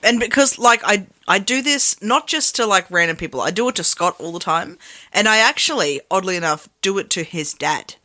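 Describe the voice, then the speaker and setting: An Australian woman co-hosting a radio show, chatty and quick to laugh and chime in. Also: mid-range voice, animated, sharp tone, no echo. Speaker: radio co-host. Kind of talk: casual breakfast show banter.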